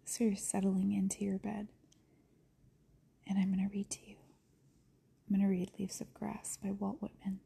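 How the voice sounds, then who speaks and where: A middle-aged woman at home voicing a gentle woman who tucks the listener into bed, in a soft, hushed whispered role-play. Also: mid-range voice, completely flat delivery, normal speed, creaky, pauses often, slightly rough, exaggerated voice. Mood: soothing.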